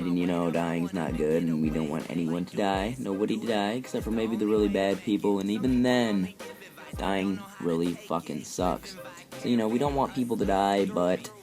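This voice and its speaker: A man's voice: fairly low pitch, a little mellow. A teenage boy ranting heatedly and profanely as he commentates over gameplay. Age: teens. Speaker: gaming commentator.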